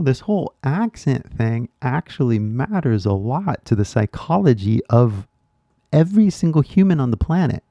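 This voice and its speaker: A man's voice: mid-range voice, gravelly, dark tone, no echo. Man, American accent, casual commentary, loose filler-heavy delivery, dry slightly muffled recording. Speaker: English teacher.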